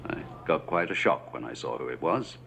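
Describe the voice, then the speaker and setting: An actor playing a calm male secret agent, reporting in a measured, understated way, from a film soundtrack. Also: rumbling low, creaky, exaggerated voice. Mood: matter-of-fact. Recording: film soundtrack with street noise.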